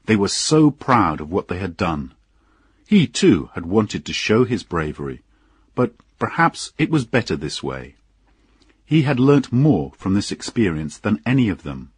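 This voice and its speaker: A man narrating an audiobook in an unhurried, expressive storytelling manner. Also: on the low side, husky, no room sound.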